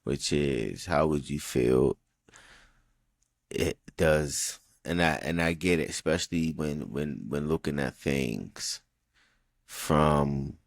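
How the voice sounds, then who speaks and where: A man's voice: very deep voice, slow, vocal fry, no echo, clean studio sound. A man co-hosting a podcast in casual debate, blunt and profane, often stammering as he restarts. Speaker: podcast co-host.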